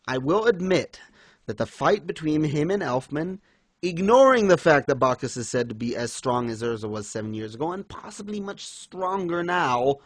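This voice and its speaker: A man's voice: on the high side, no room sound. A young man in casual chat, ranting in exasperation about a comic and mocking scenes in put-on voices. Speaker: podcast co-host reviewing manga.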